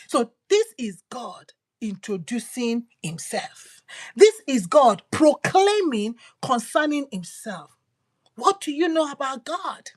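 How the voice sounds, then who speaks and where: Woman preacher, higher voice, emphatic and repetitive, loud lines dropping to whispers. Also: big pitch swings, slow pace. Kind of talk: devotional sermon.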